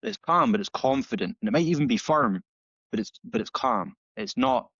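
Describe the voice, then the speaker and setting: A man, a dog trainer guest on a podcast, telling stories in a casual, animated way and acting out the dialogue with many restarts. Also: mid-range voice, moderate pace, gravelly, no room sound. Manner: animated storytelling, acts out dialogue with frequent restarts. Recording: slightly dull, dry audio.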